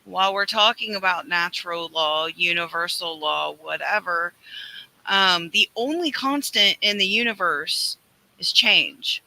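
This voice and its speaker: A woman giving measured, thoughtful closing remarks on a live panel, posing rhetorical questions. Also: fairly low pitch, creaky, bright, forceful tone, rough recording. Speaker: panel guest.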